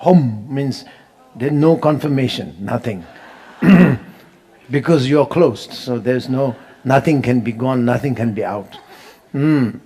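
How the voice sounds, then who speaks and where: A man, teaching how to pronounce mantras in an unhurried, laughing way, chanting them as he goes. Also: mid-range voice, mellow. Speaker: Buddhist teacher. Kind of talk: dharma teaching on mantra pronunciation.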